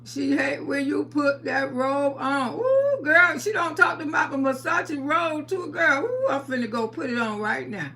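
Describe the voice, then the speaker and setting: Older woman as a live-stream host: bright, gravelly, unhurried, quick to laugh. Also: sits high, animated, slight background noise. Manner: chatty and playful, laughs often, calls viewers sugar and baby. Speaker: livestream host. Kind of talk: casual live-stream chat, greeting viewers.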